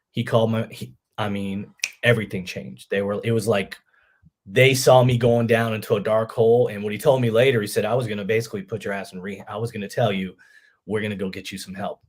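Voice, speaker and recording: Middle-aged guy, lowish voice, chatty storytelling, keeps saying man, acts out the other voices. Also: a little fast. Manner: animated, acts out quoted voices, lots of "man". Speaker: podcast guest, army veteran. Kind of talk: casual storytelling interview.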